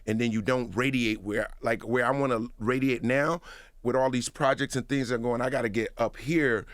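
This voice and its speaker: A man's voice: medium pitch, steady tone, moderate pace, fairly bright tone, no echo. A man, a radio guest, chatting casually and telling stories, acting out both sides of a dialogue in a radio studio. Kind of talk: casual storytelling in conversation. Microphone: studio microphone.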